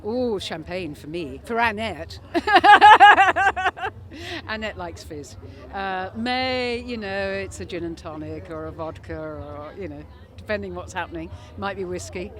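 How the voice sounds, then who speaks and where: A woman's voice: fairly low pitch, normal speed. A woman chatting at an outdoor red carpet premiere, telling little stories and laughing easily. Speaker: premiere guest. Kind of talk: casual red carpet chat. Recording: loud crowd behind.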